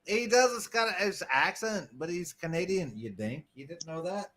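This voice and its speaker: A man's voice: high-pitched, lively intonation, normal speed, background noise. An American man in casual chat, brash and argumentative, swearing freely. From United States.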